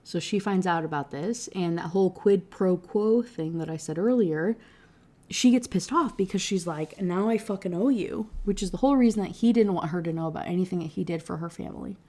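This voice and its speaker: A woman rants her way through a book review in a loose, chatty flow, swearing freely and tossing in fillers as she goes. Her voice sits a little low, with a dark, mellow tone. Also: a little fast. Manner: blunt, profane, chatty with frequent fillers. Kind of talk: casual ranting book review.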